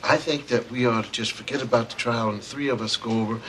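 A man's voice: mid-range voice, fairly even intonation, fast, slight background noise, lightly acted. An actor playing a playful middle-aged father in a family sitcom, teasing his kids and lecturing them in mock-serious fashion. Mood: joking. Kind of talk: sitcom acting before a studio audience. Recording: loud studio audience laughter behind.

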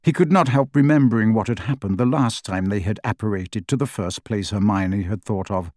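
A man's voice: on the low side, fairly quick, darkish tone, dry recording. Man with a dry, close narrating voice. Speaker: audiobook narrator. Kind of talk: scripted narration.

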